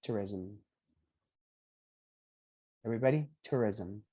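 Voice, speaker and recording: A man teaching English pronunciation on a video call, patiently repeating each word slowly for his students. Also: on the low side, dark tone, breathy edge, muffled recording. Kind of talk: online pronunciation lesson.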